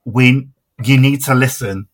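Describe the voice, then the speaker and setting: A young man co-hosting a podcast in casual chat, laughing often and trailing off quietly. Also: medium pitch, unhurried. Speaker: podcast co-host.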